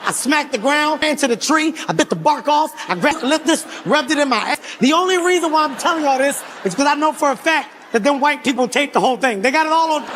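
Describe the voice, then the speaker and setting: Male comic in his forties, very high voice, loud animated storytelling on stage, faint hiss behind. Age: 40s. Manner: animated, profane, often shouting and laughing. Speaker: stand-up comedian. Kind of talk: stand-up storytelling. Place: live comedy stage before a crowd.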